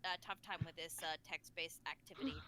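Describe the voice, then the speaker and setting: A woman's voice: lowish voice, steady tone, a little fast, crowd noise. A woman co-streaming in casual chat, teasing a friend in a mock-patient tone.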